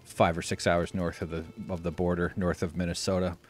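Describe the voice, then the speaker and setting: A man from the United States hosting a live stream, talking in a rambling, sarcastic way with deadpan jokes. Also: sits low, a little fast, faint music behind. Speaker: livestream host. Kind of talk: casual live-stream chat.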